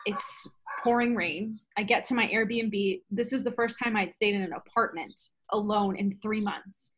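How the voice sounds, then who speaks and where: A woman in her thirties, a podcast guest telling a travel story in a lively, casual way, often laughing and acting out quoted dialogue. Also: mid-range voice, slight background noise.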